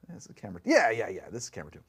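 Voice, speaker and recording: A man's voice: fairly low pitch, racing, gravelly, husky. A middle-aged man with a New Jersey accent, hosting a rambling, jokey live stream from his home bar and reading out chat comments. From New Jersey, USA. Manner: rambling, animated, jokey asides. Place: home bar and lab room.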